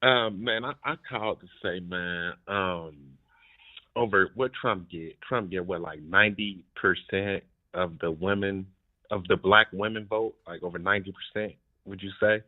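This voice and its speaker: A man's voice: low-pitched, steady tone, normal speed. A man calling in to a talk show, chatting casually and speaking hesitantly with fumbles and restarts, heard over a phone line. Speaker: caller. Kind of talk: casual call-in chat.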